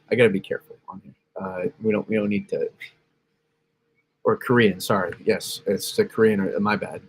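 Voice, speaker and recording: Guy with kinda low voice chatting thru weather maps, keeps correcting himself. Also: fairly even intonation, normal speed, breathy edge. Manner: rambling, self-correcting, laughs at chat. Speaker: weather channel host. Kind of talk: casual livestream weather analysis.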